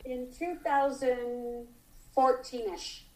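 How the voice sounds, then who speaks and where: A middle-aged woman telling a story in casual chat. She is animated and acts out the dialogue as she goes. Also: high-pitched, takes it slowly, crowd noise. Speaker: guest storyteller. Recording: roomy echo.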